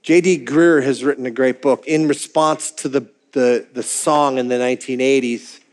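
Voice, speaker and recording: A pastor with a medium-pitched, steady voice preaches at normal speed. He keeps things conversational and candid, often going back to restart or repeat words, and he performs the thoughts he quotes from himself.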